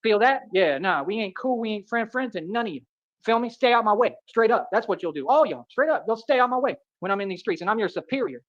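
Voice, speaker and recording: A man from delivers a rapid, swaggering rant. He keeps circling back to the same boasts and pet phrases. The audio is muffled and lo-fi. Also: high-pitched, animated. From Atlanta, United States. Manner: boastful, repetitive, keeps saying "real talk".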